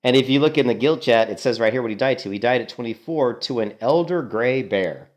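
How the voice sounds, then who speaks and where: A man in the middle pitch range talks through a game session in a relaxed, chatty way. He sounds amused as he reads out and retells what other players said in chat. His tone stays loose and unscripted. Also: fairly quick. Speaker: game streamer. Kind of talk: casual gameplay commentary.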